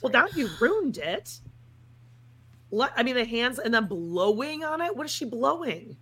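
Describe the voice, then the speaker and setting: A woman's voice: fairly high pitch, big pitch swings, a little slow, a bit bright. A woman co-hosting a reality TV recap, tossing in dry, grossed-out asides. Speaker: co-host of a TV recap show. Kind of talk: casual snarky recap chat.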